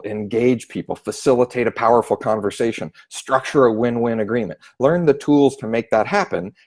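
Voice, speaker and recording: A man giving a sales training talk, animated and acting out phone voices as he explains. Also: mid-range voice. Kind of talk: spoken training tip.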